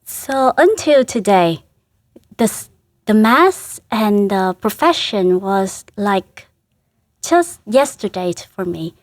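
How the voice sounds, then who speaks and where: Slow, earnest woman. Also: mid-range voice, sing-song, no echo, studio quality. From Vietnam. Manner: halting, earnest, laughs softly between phrases. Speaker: Catholic sister, interview guest. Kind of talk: casual interview.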